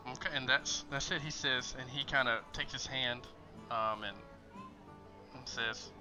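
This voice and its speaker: A man running a tabletop game as game master, narrating in a halting way full of fillers over online voice chat. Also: medium pitch, steady tone, over music.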